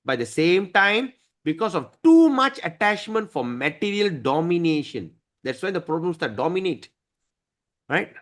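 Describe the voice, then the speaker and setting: A man teaching a devotional scripture class, emphatic and often clearing his throat. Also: fairly high pitch, a bit bright.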